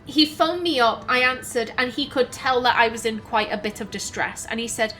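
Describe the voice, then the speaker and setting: A woman telling a personal story in an emotional, halting way. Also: a little high, bright, forceful tone, faint music behind, rough recording. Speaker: gaming channel host.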